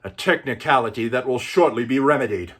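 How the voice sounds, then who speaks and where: A man's voice: mid-range voice, fairly quick, a bit bright, breathy edge, voice pushed up. A man voicing a haughty, cowardly male prince in a one-man film recital, using a raised and pompous voice.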